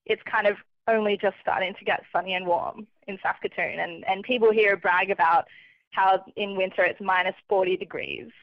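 A woman, calling in as a travelling correspondent for a casual radio chat. She is chatty and relaxed, laughs often and pokes fun at herself. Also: medium pitch, moderate pace, no echo. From Australia. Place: calling in from far away. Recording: dull lo-fi phone line.

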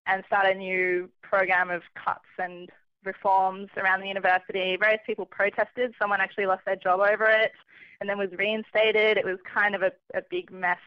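A woman's voice: medium pitch, normal speed, clean tone, dry recording. Chatty woman on a dull phone line. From Australia. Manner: chatty, laughs often, relaxed and self-mocking. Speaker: travelling correspondent. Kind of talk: casual radio chat. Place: calling in from far away.

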